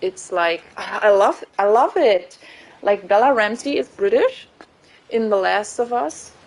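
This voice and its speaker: A woman's voice: mid-range voice, animated, a little slow, poor audio. A woman with a German accent chatting casually while streaming a game, rambling and laughing often. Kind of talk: casual chat while gaming.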